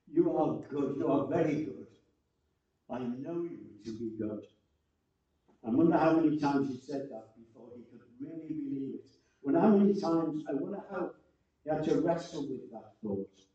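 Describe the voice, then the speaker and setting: Slow earnest preacher guy, dark voice, big echoey room, kinda muffled. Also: fairly high pitch. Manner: slow, earnest, repeating phrases for emphasis. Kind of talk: sermon. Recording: distant, roomy and muffled.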